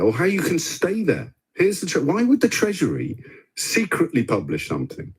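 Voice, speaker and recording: A man hosting a radio phone-in, speaking in an animated, sarcastic way. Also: mid-range voice, fast, husky. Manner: animated, sarcastic, mimics voices.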